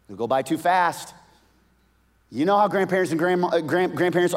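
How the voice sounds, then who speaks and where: A male pastor preaching a sermon, moving between hushed whispers and loud, emphatic bursts, often repeating words. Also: high voice, a little fast, pauses often. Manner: repeats words and restarts phrases. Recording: long reverb of a large hall.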